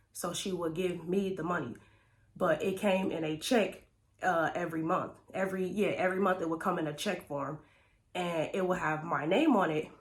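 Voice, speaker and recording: A woman, telling a storytime on her vlog in a chatty way, laughing often and calling viewers y'all. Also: fairly low pitch. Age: 30s. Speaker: vlogger. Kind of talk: casual storytime.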